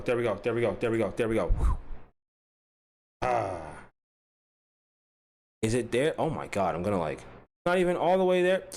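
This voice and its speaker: A man hosting an unscripted commentary vlog, swinging between loud mock-threatening rants and low muttering. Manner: loud and animated, pitch jumping up high; drops low and mumbly, muttering to himself. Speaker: commentary channel host.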